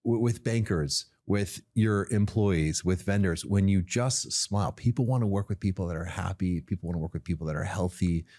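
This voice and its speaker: Lower-voiced man telling stories animatedly. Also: normal speed, hardly any pauses. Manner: animated, repeats words as he builds a point. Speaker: podcast guest, tea company founder. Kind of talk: casual interview storytelling.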